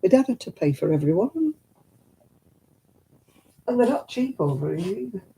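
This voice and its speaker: A woman's voice: mid-range voice, sing-song, brisk, dark tone, husky, rough recording. An older woman, chatting casually with viewers on a livestream and rambling as she explains everyday customs. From England. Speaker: livestream host.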